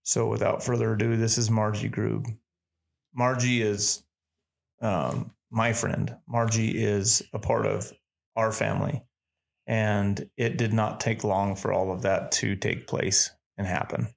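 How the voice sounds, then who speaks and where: A man with a low, gravelly voice hosts a relaxed interview podcast. He speaks earnestly, often restarting and repeating words as he searches for what to say. The talk is unscripted and conversational. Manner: earnest, halting, repeats words as he gathers thoughts. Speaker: podcast host. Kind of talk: casual interview chat.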